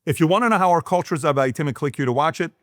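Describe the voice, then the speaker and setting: A man's voice: a little high, lively intonation, fast, dry recording, clean studio sound. A man, hosting a business talk and speaking emphatically to camera, full of rhetorical questions. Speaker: business talk show host.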